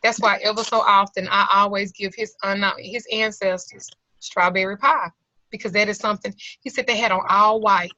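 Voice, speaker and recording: Speaking at normal speed with a steady, pushed and bright medium-pitched voice, a middle-aged woman close to tears tells an earnest, candid personal story in colloquial terms while teaching an occult class by video call. There's no room sound, though the call audio is slightly lo-fi.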